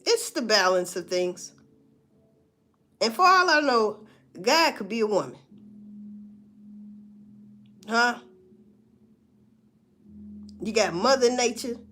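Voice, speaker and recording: A woman's voice: fairly high pitch, expressive, takes it slowly, long pauses, pushed and bright. A woman, musing in a casual, profane monologue full of rhetorical questions. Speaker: vlogger.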